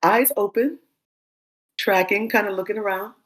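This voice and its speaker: A woman guest telling a story in a casual interview, lively, laughing and acting out the dialogue. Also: medium pitch, moderate pace. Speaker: doula and guest.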